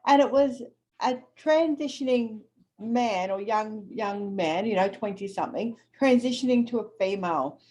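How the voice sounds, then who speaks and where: A woman's voice: medium pitch, normal speed, darkish tone. A middle-aged Australian woman co-hosting a podcast, chatting bluntly and swearing freely. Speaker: podcast co-host. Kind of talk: casual chat.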